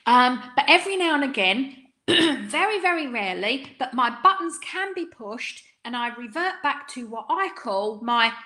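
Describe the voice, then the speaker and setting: A woman's voice: sits high, sing-song, normal speed, pushed and bright. A middle-aged woman from the East End of London with a light London accent, coaching salon owners in a live webinar, chatty, with frequent ums and tag questions like "right?". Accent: London, Cockney undertone.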